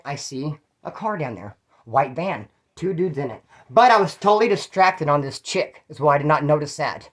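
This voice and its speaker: A man's voice: fairly high pitch, a bit bright. A middle-aged man, telling his own stories in a rambling, slangy way and acting out the people he quotes. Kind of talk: casual storytelling monologue.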